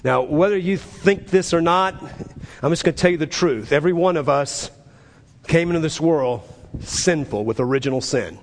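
Emphatic male pastor preaching in a reverberant hall. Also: normal speed. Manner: emphatic, rises to high urgent peaks and drops low and quiet. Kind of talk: sermon. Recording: long reverb of a large hall.

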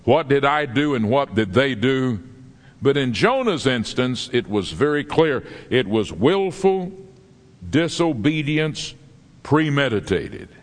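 Animated male preacher in a reverberant hall. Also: medium pitch. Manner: animated storytelling preacher with dramatic pauses. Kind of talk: sermon. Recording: long reverb of a large hall.

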